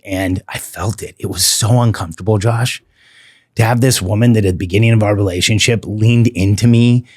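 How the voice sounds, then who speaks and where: A middle-aged man speaks as a podcast guest in a low, husky voice, earnest and heartfelt. He slows down to press on the words that matter. The sound is close and dry, with no room around it. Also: a little mellow, dry recording. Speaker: podcast guest, relationship coach. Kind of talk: candid interview talk.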